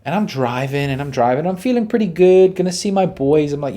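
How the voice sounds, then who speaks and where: A man's voice: fairly high pitch, big pitch swings, brisk, hardly any pauses, mellow. A man, hosting a podcast and telling a story casually, acting out his own reactions and quotes. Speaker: podcast host.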